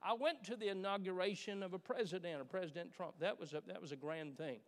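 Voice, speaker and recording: A man preaching a sermon as pastor, animated, with many filler uhs and repeated starts, asking the congregation questions. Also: sits high, fast talker. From Kentucky, USA. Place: church sanctuary. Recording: church hall reverb.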